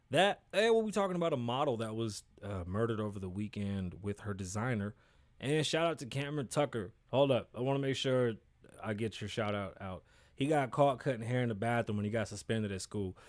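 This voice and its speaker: A man's voice: medium pitch, dry recording. A man hosting his own podcast, talking in a blunt, profane and rambling way with frequent asides. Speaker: podcast host. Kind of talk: casual solo commentary.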